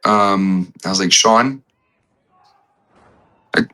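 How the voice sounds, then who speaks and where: A man talking as a podcast guest, telling a personal story in a halting way, repeating phrases and restarting often, a little choked up. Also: deep voice, pushed and bright, rough recording. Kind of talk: emotional conversational storytelling.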